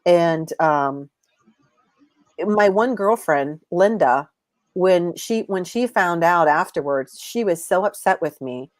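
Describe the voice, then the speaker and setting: Guest woman, intuitive reader: low voice, dry close sound, rambling, lots of restarts. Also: lively intonation, slow pace, dry recording. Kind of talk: casual live chat.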